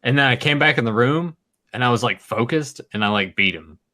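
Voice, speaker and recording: A man co-hosts a casual podcast in a mid-range voice. He is excitable and often laughs. He restarts his words as he rushes through stories. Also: medium pitch. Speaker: podcast co-host.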